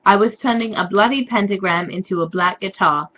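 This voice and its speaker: A woman giving a sarcastic dramatic reading with deadpan, mocking asides. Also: mid-range voice, fairly quick, dull audio. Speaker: reader and commentator.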